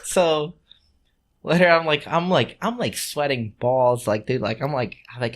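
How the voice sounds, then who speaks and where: A man's voice: mid-range voice, normal speed. Man, podcast co-host, casual storytelling, profane, laughs a lot, mimics people in his story.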